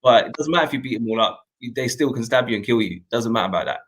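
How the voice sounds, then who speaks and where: Young male host, earnest, reflective storyteller, halting delivery, mid-range pitch. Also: animated, a bit bright, low-quality recording. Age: young adult. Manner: earnest, reflective, with frequent pauses and restarts. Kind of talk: candid personal storytelling in a talk show.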